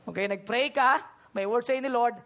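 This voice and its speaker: Filipino-accented preacher, lively delivery, acts out dialogue and scripture voices during the sermon. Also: mid-range voice, fairly quick. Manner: animated, acts out conversations and Bible speeches in voices. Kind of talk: sermon mixing Tagalog and English.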